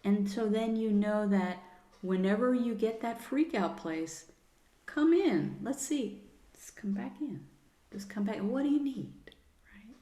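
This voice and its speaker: A middle-aged woman, a guest on a podcast, talking in an earnest, soothing way and using gentle pet names. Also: medium pitch, unhurried. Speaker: podcast guest, sound healer. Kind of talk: casual interview chat. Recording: roomy echo.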